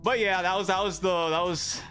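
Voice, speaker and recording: A young man, a podcast guest, telling a story in casual chat, animated and exasperated, often repeating himself. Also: sits high, normal speed, faint music behind.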